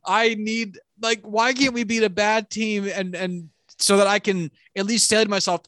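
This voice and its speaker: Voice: mid-range voice, fairly even intonation, normal speed, a bit bright, dry recording. A sports fan delivering a furious, profane, sarcastic rant about their football team. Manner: exasperated, sarcastic.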